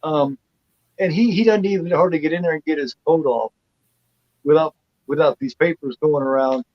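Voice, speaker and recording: Man, slightly high voice, casual film review chat, rambling with lots of fillers, dull dry lo-fi sound. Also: moderate pace, no echo. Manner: rambling retelling, heavy "you know" fillers and restarts. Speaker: co-host of a film review livestream.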